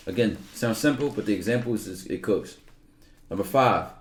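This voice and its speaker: A man's voice: lowish voice, a little fast, darkish tone, a little hiss or hum. A young man livestreaming, talking casually and emphatically, with lots of profanity, and sometimes reading aloud from a book.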